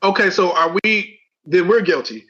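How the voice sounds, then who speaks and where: A man in his thirties co-hosting a casual podcast chat, animated and arguing his point. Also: sits high, normal speed. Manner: animated, argues his point, keeps saying listen. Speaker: podcast co-host. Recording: dull lo-fi sound.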